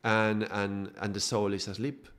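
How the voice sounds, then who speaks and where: A man's voice: lowish voice, little pitch movement, unhurried, fairly bright tone. A man giving a live spiritual talk, building extended metaphors and often checking in with tag questions. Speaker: spiritual teacher.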